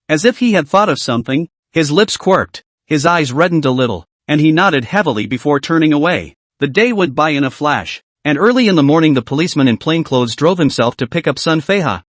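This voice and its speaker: A man reading scripted story narration in a steady storytelling manner. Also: a little high, no echo.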